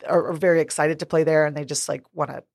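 A young adult woman co-hosting a podcast, telling a story in a lively casual way, swearing freely and laughing often. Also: sits low, fast talker, vocal fry, no echo, studio quality. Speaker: podcast co-host. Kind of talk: casual chat.

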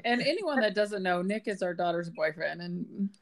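A woman's voice: lowish voice, animated, normal speed. A woman co-hosting a podcast, talking in a friendly, chatty way and laughing along. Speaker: podcast co-host. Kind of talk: casual chat.

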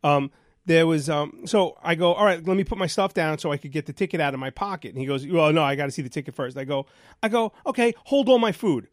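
A man's voice: on the high side, quick pace, dry recording, clean studio sound. A man telling a rambling story in a casual talk show chat, full of restarts and quoted dialogue. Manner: rambling, animated, many restarts. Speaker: radio show host.

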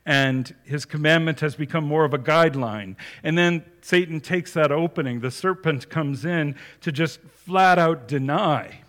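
A man's voice: mid-range voice, fairly bright tone. A man preaching a sermon, reading scripture aloud and then explaining it with emphasis.

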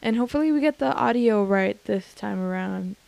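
A young woman in her twenties co-hosting a casual podcast, her voice raspy from screaming at a concert, giggling and rambling with many fillers. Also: mid-range voice, expressive, a little fast, darkish tone, no echo. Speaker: podcast co-host. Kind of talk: casual chat.

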